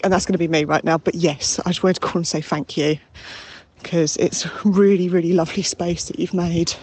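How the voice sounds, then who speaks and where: A woman's voice: on the low side, steady tone, a little fast, breathy edge. A woman with a London accent leaving a chatty, rambling phone voice note outdoors in a park. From England. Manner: chatty, warm, sweary, rambling.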